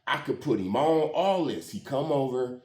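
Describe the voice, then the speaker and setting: A man with a medium-pitched, expressive, slightly mellow voice tells a story from his own life at a normal speed. He uses casual, slangy street talk, often checking in with "you hear what I'm saying." The recording has a roomy echo.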